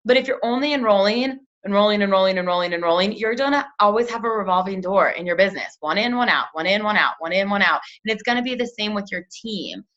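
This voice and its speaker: A woman's voice: medium pitch, fast, hardly any pauses. A young woman coaching her sales team in a casual talk, chatty and full of "like", often acting out quotes. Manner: chatty, lots of "like", acts out quotes in lively voices. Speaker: team leader training a sales team. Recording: dull lo-fi sound.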